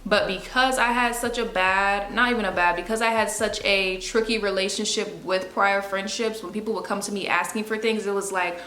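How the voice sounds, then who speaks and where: A young woman talks straight to camera in a relaxed, confessional way, full of slang and expressive turns. Her voice is bright and pushed forward. The room around her rings with a noticeable echo. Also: medium pitch, moderate pace, few pauses. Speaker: video host. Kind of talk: casual confessional talk to camera.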